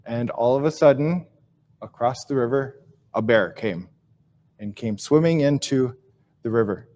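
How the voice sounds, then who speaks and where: A man giving a live teaching talk and telling a story, speaking slowly and reflectively, repeating and restarting phrases, his sentences fading softly at the ends. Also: medium pitch. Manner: slow, reflective delivery with soft, trailing phrase endings; repeats and restarts phrases while searching for words. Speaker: Ojibwe language teacher and speaker.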